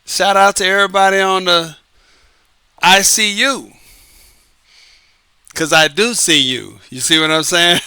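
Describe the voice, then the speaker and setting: A man hosting his own show as an author, giving a casual, lively monologue, repeating himself and laughing often. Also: on the high side, clean tone, no echo. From United States. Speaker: podcast host and author. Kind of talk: casual late-night monologue. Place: Southern California.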